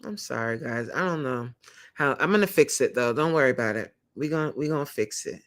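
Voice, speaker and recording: Hosting a laid-back livestream, this creator coach has a very deep, expressive voice and talks fairly quickly. She chats freely, laughs a lot, and reads aloud from the viewer comments.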